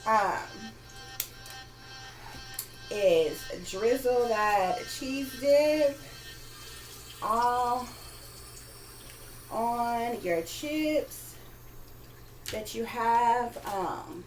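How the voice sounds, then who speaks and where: A woman hosting a casual cooking video, talking slowly and warmly to her viewers as guys and y'all. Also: a little high, lively intonation, soft background music, low-quality recording. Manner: slow, drawn-out, homey, addresses viewers as guys and y'all. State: talking with mouth full at times. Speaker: cooking vlogger. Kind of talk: casual cooking demo chat.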